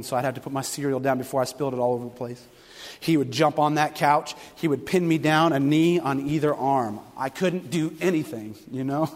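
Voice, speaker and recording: A man preaching a sermon to a congregation, telling stories with animated, fervent delivery. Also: medium pitch. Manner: animated storytelling, rising to loud fervent passages. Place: church sanctuary. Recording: long hall reverb.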